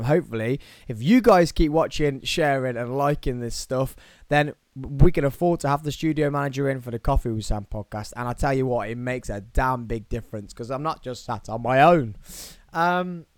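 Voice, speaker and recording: Male podcast host, solo, excitable rambler, dead-dry studio sound, mid pitch. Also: no echo. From United Kingdom. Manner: excitable, rambling, self-mocking. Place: his own small studio, alone.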